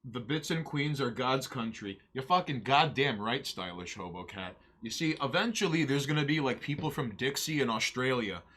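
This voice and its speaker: A man's voice: medium pitch, expressive, normal speed, hardly any pauses, a bit bright, slightly rough. A man co-hosting a casual arts and crafts livestream, joking and rambling crudely while he paints and talks to chat. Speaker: livestream co-host.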